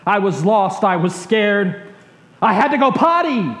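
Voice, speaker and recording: A male pastor preaching a sermon, telling a personal story slowly, repeating phrases and letting them trail off quietly. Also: high-pitched, big pitch swings.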